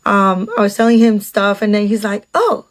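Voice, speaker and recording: A woman's voice: mid-range voice, little pitch movement, moderate pace. A woman telling a casual storytime about a date, chatty and sarcastic, with lots of fillers and asides.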